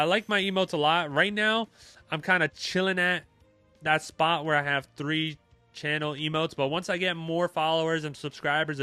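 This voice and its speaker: A young man chatting casually with his live-stream chat, relaxed and talkative, with many fillers. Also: fairly high pitch, clear, resonant tone, dry recording.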